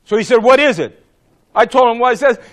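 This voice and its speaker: A man in his seventies from Ohio, a former congressman giving a blunt, animated rally speech, acting out the exchanges he describes. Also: very high voice, brisk. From Ohio, USA. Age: 70s. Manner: animated, acts out quoted exchanges, blunt and profane.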